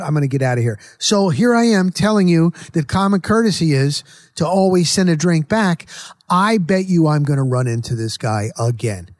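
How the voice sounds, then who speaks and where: A man's voice: on the high side, a little mellow, dry recording. Rambling middle-aged man, dry close sound. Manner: rambling, repeats himself, self-corrects mid-sentence. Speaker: host. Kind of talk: casual storytelling monologue.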